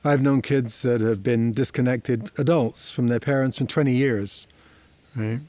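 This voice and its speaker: A man's voice: medium pitch, fairly even intonation, unhurried, darkish tone, dry recording. Middle-aged male teacher, reflective and conversational, story-driven explainer. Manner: reflective, conversational, tells personal stories. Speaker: therapy teacher. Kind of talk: explanatory talk to camera.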